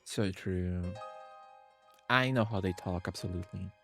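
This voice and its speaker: A man's voice: deep voice, measured pace, soft background music. A man streaming a game, making playful, sarcastic asides between scenes. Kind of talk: casual gameplay commentary.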